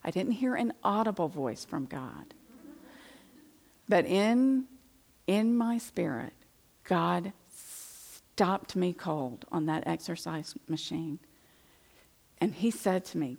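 A woman's voice: lowish voice, animated, slow, creaky, pauses often, a little mellow. A middle-aged woman giving a Christian testimony talk to women, telling her story with animation and acting out her past indignation. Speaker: Christian speaker addressing women.

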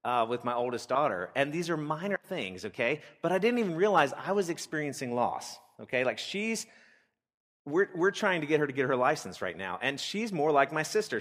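A man's voice: mid-range voice, big pitch swings, a little fast, fairly bright tone. Candid man preaching in a reverberant hall. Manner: candid and conversational, with rhetorical questions. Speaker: pastor. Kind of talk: sermon teaching for parents. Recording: long reverb of a church hall.

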